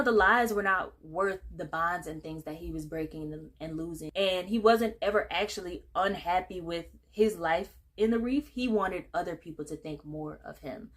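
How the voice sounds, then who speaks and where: A woman casually recapping a film plot in a chatty, sassy way, dropping quick paraphrased quotes. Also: mid-range voice. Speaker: movie recap vlogger.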